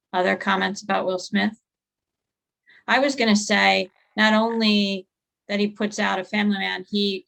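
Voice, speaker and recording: A woman of middle pitch facilitates a group discussion over a video call. Her voice has a lot of vocal fry. She talks in a relaxed, conversational way, pausing on fillers as she thinks. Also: low-quality recording.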